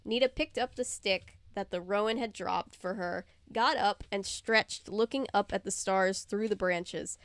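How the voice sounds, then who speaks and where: Woman host reading a novel aloud, chatty asides, smooth clear voice, close dry mic. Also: medium pitch, unhurried, hardly any pauses, dry recording. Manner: animated, chatty asides, stumbles while reading. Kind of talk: casual read-aloud with chat.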